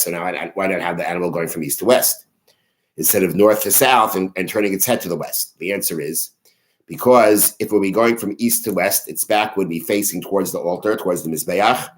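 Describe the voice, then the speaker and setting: A man's voice: sits low, rough recording. A man teaching a daily Mishnah class. He reads Hebrew phrases aloud and translates them line by line, often restarting his sentences. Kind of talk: religious text study lesson.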